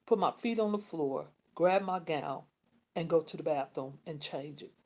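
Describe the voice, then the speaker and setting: A woman, telling a personal story in a rambling, repetitive way with many restarts and pauses. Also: on the low side, expressive. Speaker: vlogger.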